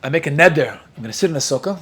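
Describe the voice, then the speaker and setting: A man whose first language is Yiddish, teaching a Talmud class in a lively, joking way. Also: a little high, very fast, husky. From Williamsburg, Brooklyn. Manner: lively, joking, mixes Hebrew and Yiddish terms into English.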